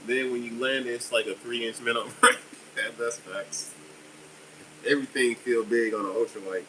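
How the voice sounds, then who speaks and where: Here the fishing-jig seller's voice sits in the mid range, and he takes his time, captured from a distance on a rough recording. The middle-aged man stays casual, chatty and upbeat while responding to comments, with air conditioning humming steadily behind him.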